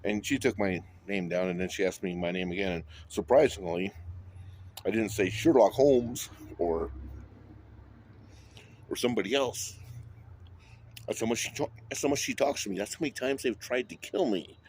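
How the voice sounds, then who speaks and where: A man's voice: on the low side, normal speed, long pauses, darkish tone, a little hiss or hum. A man talking in a rambling monologue, drifting between topics and swearing often. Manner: rambling, wandering, with frequent swearing.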